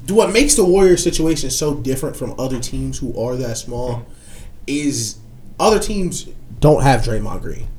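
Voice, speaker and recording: A man co-hosting a casual sports talk show, excitable and slangy, often laughing and repeating himself for emphasis. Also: mid-range voice, normal speed. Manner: excitable, laughs often, swings loud and soft. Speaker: podcast co-host.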